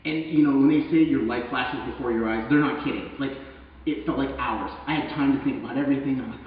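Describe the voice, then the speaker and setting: A man's voice: mid-range voice, fast talker, slight background noise. A man, a working actor, telling a casual anecdote and acting out the voices of the people in it. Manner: animated storyteller who acts out quoted voices. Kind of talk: casual anecdote told to camera. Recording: echoey, distant, dull-sounding room recording.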